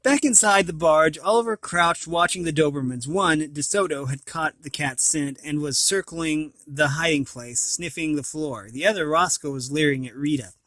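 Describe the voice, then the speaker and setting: Bright-voiced man reading a storybook. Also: a little high, moderate pace, hardly any pauses, dry recording. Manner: animated reading, occasional slips and restarts. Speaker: storybook reader. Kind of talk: reading a children's book aloud.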